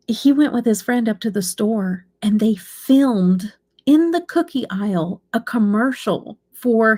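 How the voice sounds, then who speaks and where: Gravelly, husky mom telling a story. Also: female voice, mid-range voice, a little mellow. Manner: chatty, rambling, emotional storytelling. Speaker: beauty channel host. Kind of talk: casual chat.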